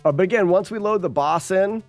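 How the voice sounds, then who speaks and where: A man's voice: sits high, a little fast, soft background music. A man streaming a retro game, explaining it casually with many fillers. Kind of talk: casual gameplay commentary.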